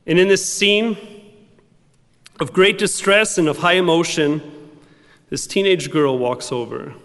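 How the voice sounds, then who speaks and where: A man's voice: fairly high pitch, a little slow, pauses often, a bit bright, big-room sound. A man preaching a sermon in an emphatic, repetitive cadence. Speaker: pastor.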